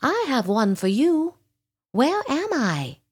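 A woman's voice: very animated, takes it slowly, darkish tone, full character voice. A woman voicing a young, clumsy boy dragon in a storybook reading, puffing himself up with bravado in a raised voice. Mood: indignant. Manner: puffed-up bravado, high and pleading. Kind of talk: storybook read-aloud.

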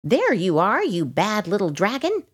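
A woman plays a fussy, motherly little ladybug from a storybook, prim and scolding. Her lilting voice rises high and moves slowly. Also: wildly swooping pitch, husky, exaggerated voice. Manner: scolding yet polite, prim. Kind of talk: storybook read-aloud.

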